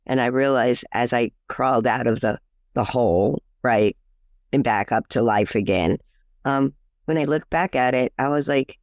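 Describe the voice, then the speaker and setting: This podcast guest, a life coach, has an extremely low-pitched voice and speaks at a normal speed. The recording is dry and studio-clean. Her interview talk is casual and full of fillers and restarts, and she performs the quotes in her lively anecdotes.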